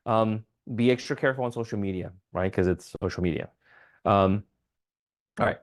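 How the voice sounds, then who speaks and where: A man's voice: lowish voice, moderate pace. A man who is a state legislator giving a casual training talk at a town hall meeting, with frequent ums and restarts and checking in with "okay?".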